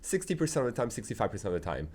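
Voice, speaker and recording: A man's voice: lowish voice, big pitch swings, racing, darkish tone. Patient man teaching a language lesson. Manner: patient, methodical, often checking in with "okay?". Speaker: French teacher.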